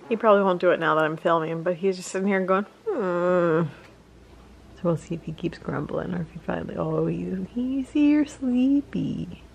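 A woman's voice: fairly low pitch, gravelly, a little hiss or hum. A young woman casually vlogging in her home kitchen, chatty and upbeat, with bad jokes, on a handheld camera.

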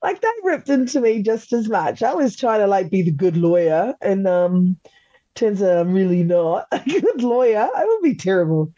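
An Australian woman telling stories on a podcast with lively energy, dropping swear words and laughing as she acts out other people's lines. Her voice is mellow and a touch dark. The audio sounds dull and lo-fi, like a remote call. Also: medium pitch, moderate pace, no room sound. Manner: animated, swears freely, laughs often, acts out quotes. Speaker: podcast guest, former reality show contestant. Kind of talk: casual interview chat.

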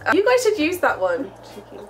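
A woman's voice: sits high, wildly swooping pitch, brisk, fairly bright tone, slight background noise. A young English woman hosting a casual vlog chat, explaining things with frequent giggles over background music. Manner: giggly, laughs often while explaining. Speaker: vlog host.

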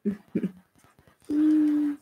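A woman's voice: sits high, extremely slow, highs cut off. A woman hosting a casual livestream chat from home, rambling and laughing often as she talks to viewers. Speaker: livestream host.

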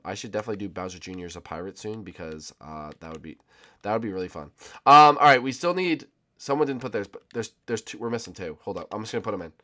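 A man giving casual, jokey gameplay commentary as a video host, often bursting into loud excited cries. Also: on the low side. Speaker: gaming YouTuber.

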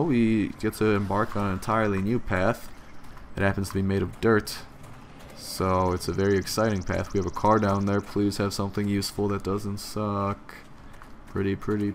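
Male let's-play commentator, lowish voice, profane, grumbling, with loud frustrated outbursts. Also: a little hiss or hum. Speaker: gameplay commentator.

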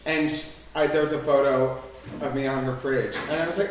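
A man tells a story in casual chat, halting and restarting, his high, bright voice swinging widely in pitch. He sounds off-mic in a very echoey room with faint noise behind him. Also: wildly swooping pitch. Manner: halting, restarting anecdote teller. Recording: very echoey room, heard from a distance.

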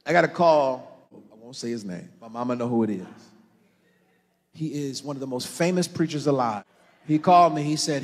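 Pastor preaching in an echoing church. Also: male voice, mid-range voice, moderate pace. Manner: storytelling, drops to a hushed murmur then builds to loud preaching. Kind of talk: sermon. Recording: long reverb of a church hall.

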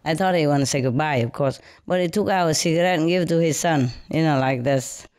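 A woman telling a casual story to listeners in broken English, animated and often laughing as she speaks. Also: low voice, fast talker, no room sound, studio quality. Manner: non-native English with broken grammar. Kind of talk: casual anecdote told to listeners.

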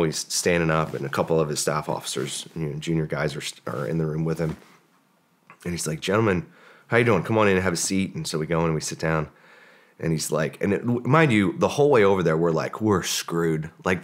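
A man with a deep, low voice tells a long story as a podcast guest. His talk is loose and rambling, full of "like" and "um," and he slips into the voices of the people in his story. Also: a little fast. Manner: relaxed, rambling, many "like" and "um" fillers, acts out quoted dialogue. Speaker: podcast guest, former special forces operator. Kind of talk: casual storytelling interview.

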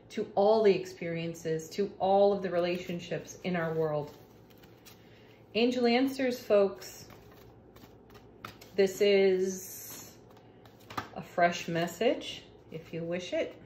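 A woman reading tarot cards in a casual, gushing way, laughing often. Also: medium pitch. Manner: slow, warm-hearted, laughs often, gushing about the cards. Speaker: tarot reader. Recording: echoey room.

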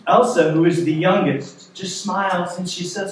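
Man, pastor, sermon, storytelling, high voice, very echoey church, distant mic. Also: normal speed, hardly any pauses, a little hiss or hum. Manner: storytelling, animated in places, conversational. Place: church sanctuary. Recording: echoey sanctuary, mic far off.

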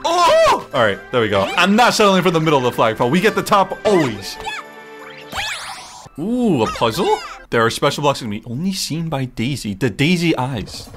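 Young-sounding gaming streamer, excitable and swearing, lively up-and-down delivery, game music behind. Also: male voice, on the high side, moderate pace. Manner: excitable, joking, swears often, talks to the game. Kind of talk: let's play commentary.

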